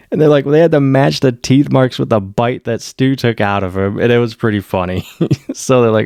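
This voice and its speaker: Male reviewer, low fry-heavy voice, excitable chatty recap, dry room. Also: moderate pace, no echo. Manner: excitable, laughs often, acts out quotes. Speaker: TV episode reviewer. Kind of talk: casual recap.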